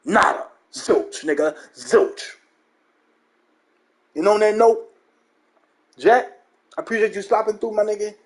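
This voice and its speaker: A young man with a high-pitched voice rants about video games on his own channel. He talks in a profane, mocking way and leans hard on his points. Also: a little slow, long pauses. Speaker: gaming channel host. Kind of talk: ranting gaming commentary.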